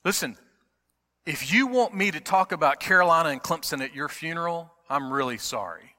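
A middle-aged man preaching in a church sanctuary, his bright, forceful voice carried by a long hall reverb. He moves from quiet, intimate stretches to emphatic build-ups. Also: on the high side, expressive, normal speed. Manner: dynamic preaching, swings from hushed to emphatic. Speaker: pastor. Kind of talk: sermon.

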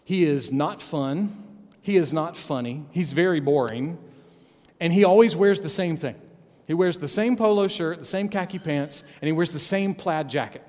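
A man preaching a children's sermon, telling a story in a playful, animated way and often checking in with his listeners. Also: on the high side, normal speed, big-room sound.

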